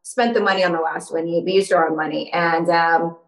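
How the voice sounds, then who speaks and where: A woman's voice: fairly low pitch, steady tone, a little fast, reverberant, low-quality recording. A woman guest chatting on a podcast, a bubbly storyteller who laughs often. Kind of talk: casual podcast chat.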